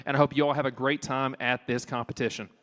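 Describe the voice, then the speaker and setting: A man from North Carolina, an auctioneer contestant, rolling out bids in a fast, steady chant on a convention stage. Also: medium pitch, big-room sound.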